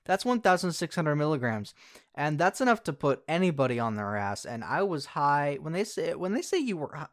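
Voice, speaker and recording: A young man casually telling a story from his school days for a vlog, rambling, swearing often and correcting himself mid-sentence. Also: mid-range voice. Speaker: YouTuber.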